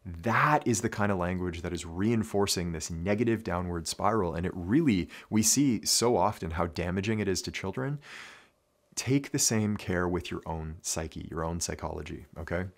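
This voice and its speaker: A man with a notably deep voice teaches a lesson on mindset to camera. He is earnest and reflective, and he repeats his main phrases so they land. He speaks as a coach addressing his players. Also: normal speed. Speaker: basketball coach. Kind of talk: instructional talk to camera.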